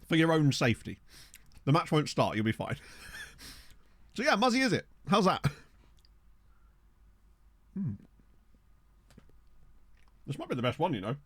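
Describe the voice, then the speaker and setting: Young guy streaming a game, chatty, laughs a lot, pitch jumps all over, dry close mic. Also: sing-song, unhurried, long pauses, a bit bright, husky, no room sound. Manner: chatty and jokey, talking with his mouth full, laughing often. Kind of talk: casual gaming livestream chat. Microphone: desk microphone.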